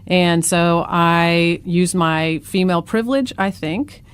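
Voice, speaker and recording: An American woman who works as an educator, explaining things calmly in a casual discussion. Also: lowish voice, slow, smooth. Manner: calm and explanatory. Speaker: guest educator.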